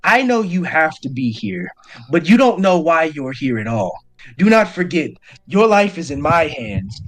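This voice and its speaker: A man's voice: a little high, big pitch swings, normal speed, fairly bright tone, faint music behind, rough recording. A man voicing a smug, menacing male gang boss who carries a gun, with a sneering, threatening delivery.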